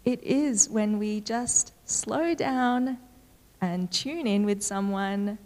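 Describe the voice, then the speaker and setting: A woman preaches in an informal, storytelling manner, pausing with little fillers as she goes. Her voice sits at an ordinary middle pitch. It rings out with the long reverb of a large hall. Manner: conversational, relaxed storytelling with fillers. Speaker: church speaker. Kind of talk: sermon.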